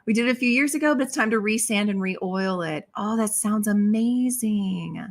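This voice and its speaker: A woman's voice: medium pitch, moderate pace. A woman in her thirties hosting a livestream and reading viewer comments in casual chat, bubbly and exclamatory, laughing often. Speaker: livestream host.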